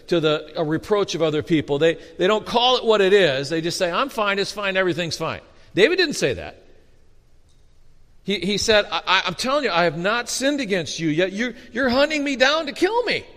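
A man preaching a sermon as a pastor, animated and storytelling with humor, often restarting his words. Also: sits high, a little fast. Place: church sanctuary. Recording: long reverb of a hall.

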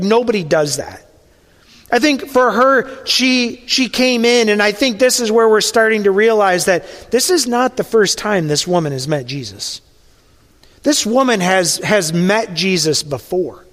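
A man preaching a sermon, retelling a scene as a story and dropping to a hushed voice at the emotional moments. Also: high-pitched, normal speed, in a large hall.

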